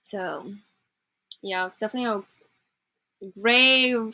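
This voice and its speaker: A woman's voice: medium pitch, measured pace, long pauses, bright, forceful tone, dry recording. A young woman co-hosting a podcast, recapping a TV show in a rambling, profane way full of fillers. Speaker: podcast co-host. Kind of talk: casual chat recapping a TV show.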